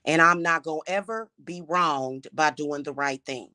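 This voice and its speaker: A woman's voice: deep voice, normal speed, sharp tone. A woman who practices witchcraft and hosts her own channel, talking in an emphatic, indignant unscripted monologue full of restarts and repeated words.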